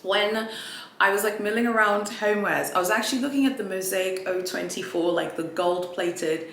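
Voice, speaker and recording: A woman vlogger chatting casually through an unboxing, animated and full of fillers. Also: mid-range voice, moderate pace, vocal fry. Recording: echoey room with faint ambient noise.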